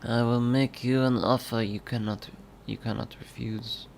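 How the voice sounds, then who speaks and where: A man putting on the voice of a slow, mumbling, aging male mafia boss. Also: mid-range voice, steady tone, gravelly, a little mellow, a little hiss or hum. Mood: brooding.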